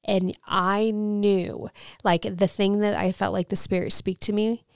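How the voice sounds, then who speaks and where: A woman's voice: mid-range voice, level tone, a little slow, gravelly, a little mellow, clean tone, dry recording, clean studio sound. A woman in her thirties co-hosting a faith podcast, telling a story earnestly and with emotion. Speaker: podcast co-host.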